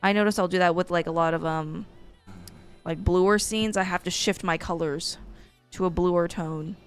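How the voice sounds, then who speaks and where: A woman's voice: lowish voice, steady tone, moderate pace, smooth, soft background music. A woman co-hosting a casual art live stream, upbeat and agreeable, chiming in with her own tips. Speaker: co-host.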